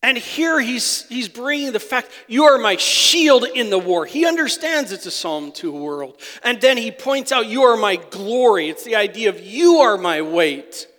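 A man preaching a sermon as pastor, emphatic, swinging between loud peaks and soft asides. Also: very high voice, animated, a little slow, few pauses. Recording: long hall reverb.

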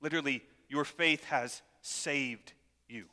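Male pastor, animated sermon storyteller, bright tone, reverberant church hall. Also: mid-range voice, slow pace. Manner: animated storytelling, acts out voices.

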